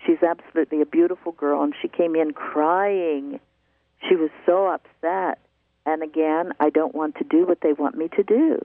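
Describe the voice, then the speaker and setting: The host of a call-in herbal health program, an older woman who runs an herbal shop, shares her story with sincerity and emphatic repetition. Her voice is deep and gravelly, with no echo, though the line sounds tinny like a phone.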